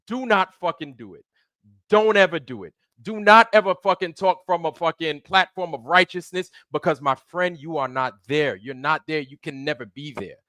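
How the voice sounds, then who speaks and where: A man's voice: a little high, normal speed, bright, forceful tone, dry recording, clean studio sound. A man hosting a livestream, ranting angrily in a heated, profane, repetitive way. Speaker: livestream host. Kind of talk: angry livestream rant.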